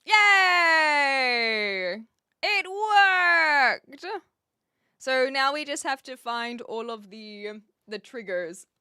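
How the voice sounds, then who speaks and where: A woman's voice: on the high side, measured pace, few pauses, pushed and bright, smooth, no room sound, studio quality. A woman from New Zealand with a New Zealand accent, chatting casually on her live stream while she sets up a chat bot and thinks aloud. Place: home room with brick walls.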